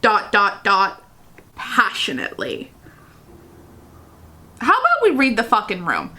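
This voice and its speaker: A woman's voice: mid-range voice, huge pitch swings, moderate pace, bright, forceful tone. A woman vlogger reading fan fiction aloud in a casual way, breaking off into chatty, giggly asides. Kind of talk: casual reading vlog with commentary.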